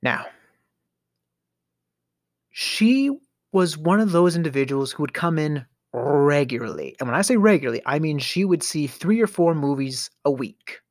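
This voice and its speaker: A man's voice: fairly high pitch, lively intonation, unhurried, no echo, studio quality. A middle-aged man hosting a podcast, telling a storytelling rant in a theatrical way, with sighs, stammers and sudden whispers. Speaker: podcast host.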